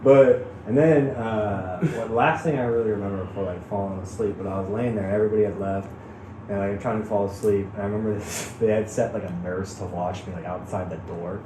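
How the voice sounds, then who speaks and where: A man from Chicago telling a wild personal story in casual chat, animated, laughing often and swearing freely. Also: on the low side, a little fast, roomy sound, noisy background. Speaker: guest.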